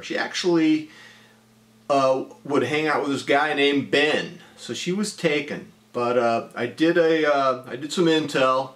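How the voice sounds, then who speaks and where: A man in his forties telling a personal story in a casual, deadpan-humorous way, with frequent ums and uhs. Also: medium pitch, measured pace.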